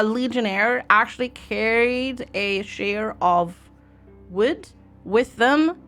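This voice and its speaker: Woman game streamer from Germany, slightly high voice, casual and friendly with chat, desk mic. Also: fairly bright tone. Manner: chatty, greets viewers by name, laughs easily. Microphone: desk microphone.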